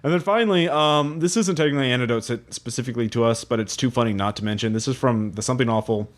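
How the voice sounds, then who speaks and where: A man co-hosting a casual tabletop gaming podcast, relaxed and chuckling as he shares game quotes and reads forum stories aloud. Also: medium pitch, racing. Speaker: podcast co-host.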